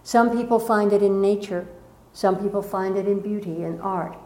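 A woman leading a spiritual gathering, who recites a poem slowly and then tells lively personal stories while urging the room to join in. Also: mid-range voice. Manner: animated storytelling, playful audience prompts, slow poem recitation. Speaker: spiritual teacher. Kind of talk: inspirational talk to a live group. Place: meeting room with an audience. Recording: echoey room.

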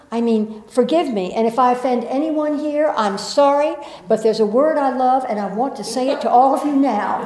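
Lady running a group session, bit high voice, laughs easy, goes slow n soothing, roomy echo. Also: a little mellow. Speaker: workshop facilitator. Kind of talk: guided group workshop talk. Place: indoor group room. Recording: echoey room.

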